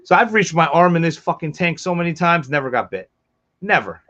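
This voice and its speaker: A man telling profane, animated stories as co-host of a reptile livestream. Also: a little high, brisk. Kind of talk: casual storytelling chat. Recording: dull lo-fi stream audio.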